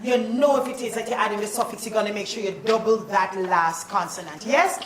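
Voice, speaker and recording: A woman teacher, leading a playful, animated spelling lesson in a classroom. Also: medium pitch, fairly quick, slight background noise. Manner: animated and playful, calls out questions. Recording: echoey classroom, mic at a distance.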